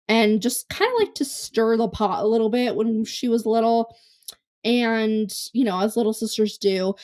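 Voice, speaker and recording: A young adult woman hosting a casual solo podcast, chatty and self-deprecating, rambling through stories with restarts, her voice a little worn from talking. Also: a little high. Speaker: podcast host. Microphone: close podcast mic on camera.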